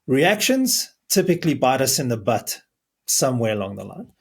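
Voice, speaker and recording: A man's voice: mid-range voice, sing-song, moderate pace, vocal fry, breathy edge. A man who is a marriage coach, earnestly explaining advice in a podcast conversation. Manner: earnest, explaining, restarts words.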